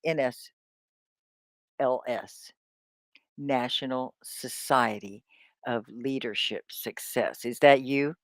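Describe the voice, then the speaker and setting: A woman teaching an English lesson on a live stream, drilling words slowly and cheering on her students. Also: lowish voice, no echo, clean studio sound. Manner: slow, drawn-out word drills; upbeat, encouraging. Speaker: ESL teacher.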